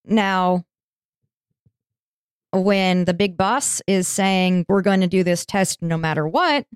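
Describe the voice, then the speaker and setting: A woman hosts a podcast and tells a history story in a loose, chatty way, swearing now and then. Her voice sits low and sounds smooth and clear. The sound is dry and close. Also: slow pace, no echo. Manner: chatty, informal, swears casually. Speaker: podcast host. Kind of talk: casual storytelling.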